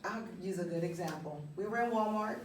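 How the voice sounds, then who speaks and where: A woman tells stories about her children in a relaxed way. Her voice echoes in the room. It sounds like it was picked up from a distance with clear background noise. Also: medium pitch, fairly quick. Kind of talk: talk show discussion.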